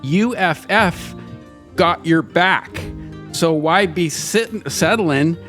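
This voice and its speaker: A man's voice: fairly high pitch, slow pace, a bit bright, faint music behind. A man doing a hammy pirate voice while reading an ad aloud, tripping over words. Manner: stumbling over words, breaking into laughter. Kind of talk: comic ad read in a pirate voice.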